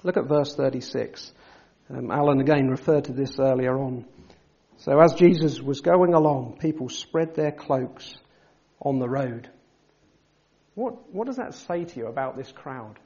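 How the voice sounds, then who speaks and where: A man preaching a sermon, asking his listeners rhetorical questions and building to loud, emphatic passages. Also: medium pitch, a little slow, dull audio.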